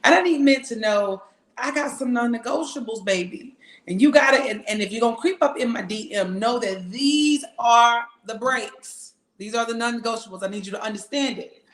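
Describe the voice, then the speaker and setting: A woman's voice: a little high, normal speed, reverberant. A young woman singer from Atlanta, chatting candidly and emphatically as a podcast guest. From Atlanta, Georgia. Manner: lively, emphatic and candid, with frequent laughs. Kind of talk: casual interview chat.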